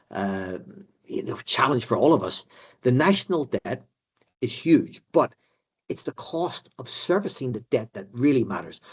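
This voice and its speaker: Older male lecturer with a husky voice and a chatty, halting delivery, for a business course. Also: mid-range voice, darkish tone. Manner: conversational, many fillers and repeated words. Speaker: economic adviser lecturing finance directors. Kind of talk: live presentation to an audience.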